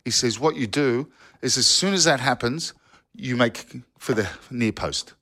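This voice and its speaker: A former footballer telling old yarns in a casual podcast chat, rambling with restarts and asides. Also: male voice, medium pitch, a little slow, sharp tone. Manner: rambling storyteller with restarts and "you know". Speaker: football pundit, former player.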